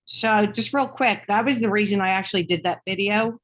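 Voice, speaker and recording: A woman student talks casually with her instructor over a video call. Her voice sits at a middle pitch, and she explains her reasoning in a chatty way. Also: brisk. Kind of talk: casual class discussion.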